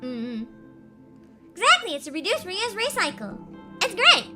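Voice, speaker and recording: A young woman streaming a game, chatting casually with giggles and quick asides. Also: very high voice, huge pitch swings, loud music behind the voice. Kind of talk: casual let's-play commentary.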